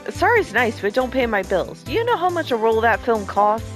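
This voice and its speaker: A woman's voice: fairly high pitch, sing-song, a little fast, faint music behind, voice pushed up. A woman voicing a touchy, brash country woman photographer with a put-on Southern drawl, folksy and scolding. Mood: gruff. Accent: put-on American Southern drawl.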